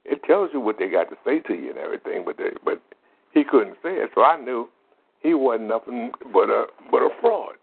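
A man's voice: medium pitch, very animated, fairly quick, gravelly, slightly rough. A man, telling faith-healing stories in a plain-spoken, folksy way as a lay minister. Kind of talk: informal testimony monologue. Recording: tinny phone-like audio.

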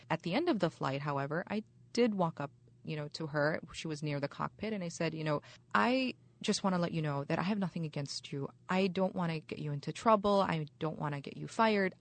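Female chaplain, low voice, measured and polite while telling what happened to her. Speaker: university chaplain. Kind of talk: recounting a personal experience.

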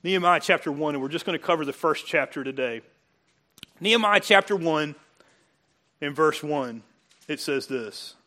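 A man preaching a sermon, animated and joking, building to excited emphasis. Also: on the high side, normal speed, long pauses. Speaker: pastor.

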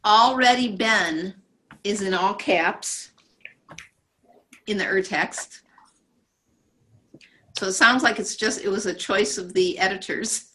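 A woman's voice: medium pitch, steady tone, takes it slowly, long pauses, a bit bright. A woman in a group discussion, tentative and thinking aloud.

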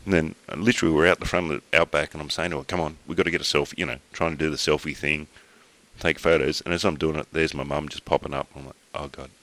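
A man's voice: rumbling low, fairly even intonation, fast talker, fairly bright tone. An Australian man, a middle-aged podcast host, tells a rambling personal story in casual chat, restarting his sentences and swearing offhandedly.

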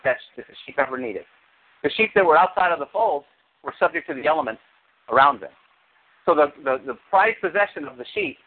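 Man, pastor, sermon, lively swooping pitch, tinny lo-fi sound. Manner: animated preaching with sudden high exclamations.

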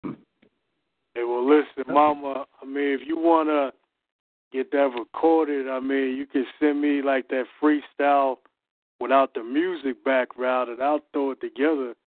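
Sex: man. Role: open mic participant. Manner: calm, practical. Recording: dry, tinny phone line. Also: medium pitch, measured pace, no echo. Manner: calm, practical, matter-of-fact. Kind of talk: casual chat on a call.

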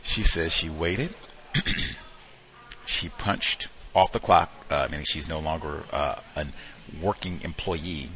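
Deep-voiced, bright-toned male talk host. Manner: conversational, emphatic, drawn-out pauses. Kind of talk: storytelling commentary.

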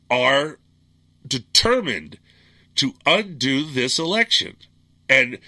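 A man's voice: mid-range voice, bright, forceful tone. A middle-aged man hosting a political talk radio show, ranting in a blunt, angry, combative monologue.

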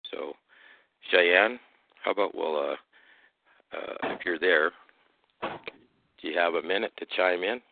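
Gravelly low-voiced man over a phone line. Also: no room sound. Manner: deliberate, confrontational when challenged. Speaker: guest speaker. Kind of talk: casual storytelling and argument. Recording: tinny phone-line audio.

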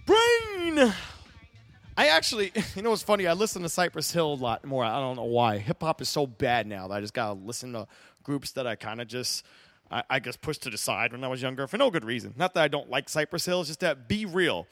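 A man's voice: mid-range voice, lively intonation, quick pace, fairly bright tone, no echo. A man hosting a solo sports talk podcast, chatting loosely and rambling, swearing casually and getting heated when he argues his picks. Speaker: podcast host.

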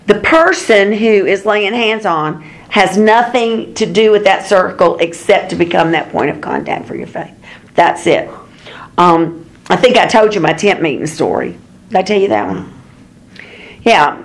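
A woman leading an informal Bible study, telling personal stories in a chatty way with lots of fillers. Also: medium pitch. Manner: chatty storyteller, many fillers, laughs at herself.

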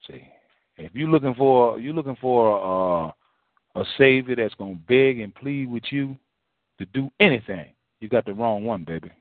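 A man's voice: mid-range voice, expressive, moderate pace, no echo. A male pastor preaching a sermon in a folksy, repetitive way, full of rhetorical questions. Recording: tinny phone-line sound, dry.

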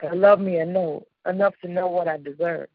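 A woman from the suburbs of Chicago hosting a radio show, telling personal stories in a casual, animated way with slang and frequent laughter. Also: on the low side, fairly quick, no room sound, narrow, tinny audio. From Chicago suburbs, United States. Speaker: radio host. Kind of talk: casual storytelling chat.

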